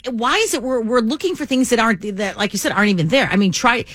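A woman's voice: on the high side, expressive, fast, fairly bright tone, no echo, studio quality. A woman co-hosting a radio show, speaking in casual, playful, teasing banter. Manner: playful, teasing, laughs often. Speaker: radio co-host.

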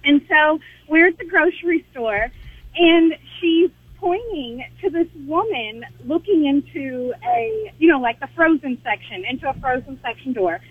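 A woman's voice: high-pitched, lively intonation, measured pace, no echo. A woman calling a radio show and animatedly telling a story about her toddler, acting out the voices. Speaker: caller. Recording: thin phone line.

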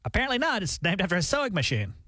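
A man with a high, bouncy voice hosts morning radio, telling stories and cracking jokes into a studio mic. His pitch swings all over the place, and the sound is close and dry. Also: rapid-fire, no echo. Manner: animated storyteller, jokey. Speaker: radio morning show co-host. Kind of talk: casual radio banter. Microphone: studio microphone.

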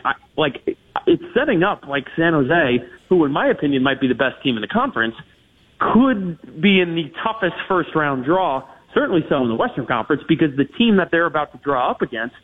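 A man calls in to break down hockey trades and matchups. His voice sits a little high and sounds husky. It comes through a thin, tinny phone line, and he talks in long, hedged runs with plenty of restarts. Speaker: hockey analyst guest. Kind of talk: radio interview analysis.

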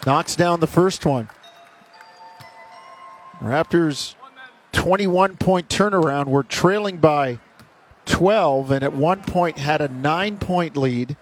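A man's voice: a little high, soft background music. A man calling basketball play-by-play in clipped bursts that rise on made shots. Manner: rapid clipped calls, rising on made shots. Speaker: play-by-play announcer.

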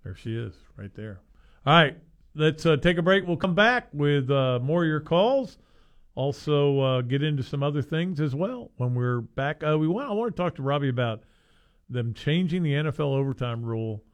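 A man's voice: on the high side, normal speed. A man hosting a sports talk radio show, chatting casually and thinking aloud. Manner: relaxed, thinks aloud with fillers. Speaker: radio host.

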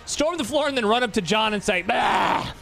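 A man co-hosting a casual sports radio show, animated and teasing, with plenty of exclamations. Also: very high voice, fast, over music.

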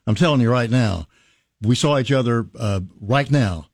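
Man in his sixties, talk-show co-host, rambling and halting, dry close mic. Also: medium pitch, no echo. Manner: rambling, halting speech with restarts. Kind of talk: casual chat.

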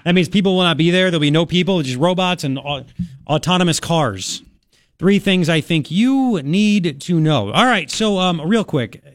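A man's voice: fairly high pitch, lively intonation, moderate pace, no room sound, clean studio sound. Chatty talk radio host, man. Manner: rambling, chatty, lots of restarts and fillers. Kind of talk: casual talk radio monologue.

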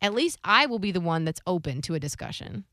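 A woman's voice: lowish voice, big pitch swings, fast talker, sharp tone, no echo. A woman co-hosting a radio show, chatting casually in the studio, emphatic and opinionated.

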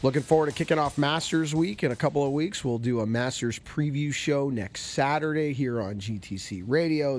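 A man hosting a golf talk radio show, in a ranting, exasperated, grumpy way. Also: medium pitch. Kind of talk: animated talk-radio chat.

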